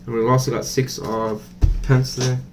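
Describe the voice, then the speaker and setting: A man's voice: mid-range voice, level tone, unhurried, background noise. A man doing a casual tarot reading to camera, chatty and blunt, thinking aloud with many fillers. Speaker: tarot reader.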